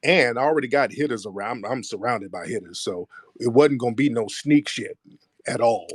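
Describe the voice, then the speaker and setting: A man tells a heated story in a relaxed, slangy voice with speech. His pitch sits in the middle range. The sound is dry and close, with no room echo. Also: normal speed, slightly rough. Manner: animated retelling with voiced quotes, rising when heated. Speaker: commentator. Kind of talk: casual storytelling monologue.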